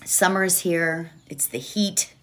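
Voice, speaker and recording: A woman giving a gentle, reflective motivational talk from home, repeating key phrases and asking rhetorical questions. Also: on the low side, unhurried. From United States. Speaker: mindfulness speaker.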